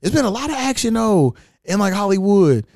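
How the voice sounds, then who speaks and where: A man hosting a podcast, telling animated, profane stories in a casual chat and acting out the quotes. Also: high voice, brisk, no echo, clean studio sound. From California. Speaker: podcast host.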